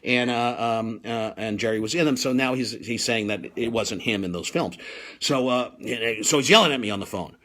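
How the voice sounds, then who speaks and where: A man who hosts a comedy show tells a comic story in an animated way, acting out voices and restarting his sentences often. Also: medium pitch, moderate pace. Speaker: comedian host.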